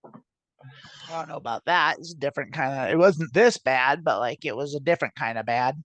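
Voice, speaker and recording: A woman's voice: low-pitched, fairly quick, no room sound. A trans woman co-hosting a podcast, chatting casually in a rambling, filler-heavy way, laughing often and swearing freely. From United States. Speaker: podcast co-host. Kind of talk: casual chat.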